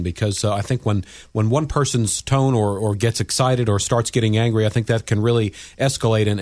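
A man's voice: medium pitch, darkish tone, no echo. A man co-hosting a radio advice show, giving earnest suggestions with frequent restarts. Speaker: radio co-host.

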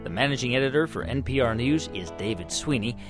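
A man hosting a radio news program, reading the credits with a lively, varied intonation. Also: medium pitch, fast. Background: theme music.

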